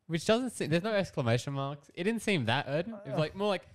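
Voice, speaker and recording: A young man co-hosting a podcast, trading quick jokes in casual banter. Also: fairly high pitch, animated. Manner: joking, quick quips. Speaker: podcast co-host.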